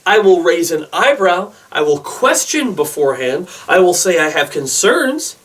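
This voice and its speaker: A young man with a somewhat high voice rambles through his movie predictions, excitable and full of asides. He sounds set back a little from the microphone. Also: a little slow, far from the mic. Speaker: movie vlogger. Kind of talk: casual opinion vlog.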